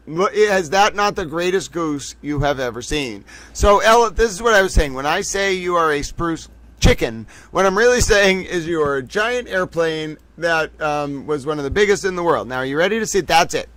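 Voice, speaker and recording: Giggly high-voiced man hosting a stream. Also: animated, normal speed, a bit bright, no echo. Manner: giggly, theatrical, often breaks into laughter. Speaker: livestream host. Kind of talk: casual livestream chat. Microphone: desk microphone.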